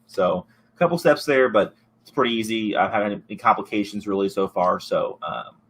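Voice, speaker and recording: A man hosting a podcast in casual chat, rambling and relaxed with many fillers and restarts. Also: lowish voice, fairly quick, slight background noise. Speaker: podcast host.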